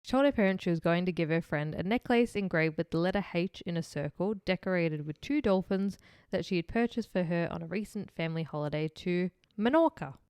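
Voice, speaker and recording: A woman's voice: lowish voice, brisk, hardly any pauses, darkish tone, clean tone, no echo. A young woman co-hosting a true-crime podcast, chatty, laughing often and swearing casually. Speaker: podcast co-host.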